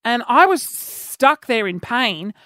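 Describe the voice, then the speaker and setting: A man hosting a podcast, telling self-mocking stories in an animated way. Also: takes it slowly, no room sound. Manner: animated, self-mocking, jumps into shrill yelps when acting out panic. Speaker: podcast host. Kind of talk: casual storytelling monologue.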